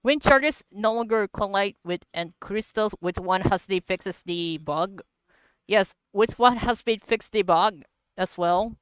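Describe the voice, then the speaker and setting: A woman streaming a block-building game, talking through the update in slow, halting English with frequent laughter. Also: mid-range voice, clear, resonant tone, no echo. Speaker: gaming livestreamer. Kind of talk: casual game commentary.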